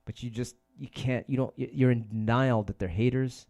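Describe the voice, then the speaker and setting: A man's voice: mid-range voice, steady tone, moderate pace, mellow. A man hosting a casual livestream chat, rambling and swearing a lot, often repeating his phrases. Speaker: DJ and host.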